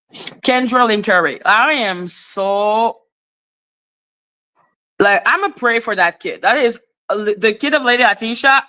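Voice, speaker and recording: A woman hosting a casual live stream, telling a gossip story in an animated, exasperated way and swearing freely. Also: mid-range voice.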